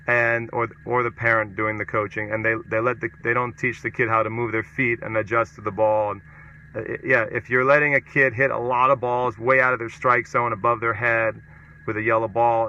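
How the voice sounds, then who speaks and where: Through a mobile setup with dull lo-fi stream audio, a man with a medium-pitched, sharp voice hosts his tennis coaching show. He's emphatic and casual, reading viewer comments aloud and coming back again and again to a punchy catchphrase.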